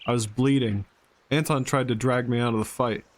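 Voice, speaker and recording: Grieving old villager from a story game, stubborn, gentle, plain reading voice, done by a man, mid pitch. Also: steady tone, normal speed, lightly acted. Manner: reads game dialogue aloud in a plain voice.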